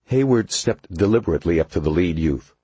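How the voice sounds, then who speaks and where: A man narrating an audiobook in an expressive, measured storytelling manner. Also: deep voice, breathy edge, dry recording. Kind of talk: scripted narration.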